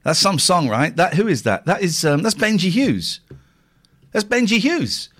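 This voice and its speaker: A man hosts a live radio show in loose, casual chat. His pitch moves a lot, and he rambles and jokes, jumping from excited bursts to low mutters. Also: normal speed. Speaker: radio host.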